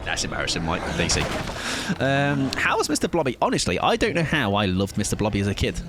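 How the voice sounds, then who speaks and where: A man with a lowish voice and huge swings in pitch talks fast over a noisy background. He's live-streaming a game, chatting playfully with his viewers as he plays.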